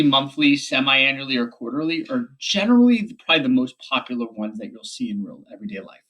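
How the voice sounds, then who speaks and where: A man with a somewhat high, husky voice explains a math lesson for a recorded video. He talks quickly and stops to correct himself along the way. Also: fairly bright tone. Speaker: math teacher.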